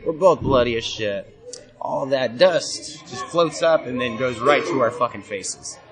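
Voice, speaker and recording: A guest wrestler tells a wild story in casual, profane talk, laughing often, on a busy convention floor. His medium-pitched voice is animated and unhurried. Music plays, along with the chatter of a noisy crowd.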